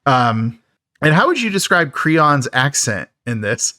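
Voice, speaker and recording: A man's voice: medium pitch, sing-song, measured pace, pushed and bright, no room sound, studio quality. A man co-hosting a podcast, casually recapping a schlocky horror film with jokes and frequent laughter. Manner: jokey, laughing often. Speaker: podcast co-host. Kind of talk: casual movie recap chat.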